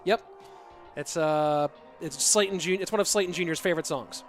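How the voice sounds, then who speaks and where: A man casting a live esports match, excitable and rambling, with chatty asides to the viewers. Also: fairly high pitch, brisk, soft background music. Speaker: esports caster and streamer. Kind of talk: live esports commentary with chat reading.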